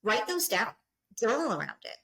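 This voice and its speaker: A woman's voice: on the high side, very animated, normal speed, vocal fry, fairly bright tone, slightly rough, low-quality recording. A middle-aged woman, a business coach, speaking as a guest on a podcast in an earnest, encouraging way, often repeating and restarting phrases. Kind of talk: podcast interview.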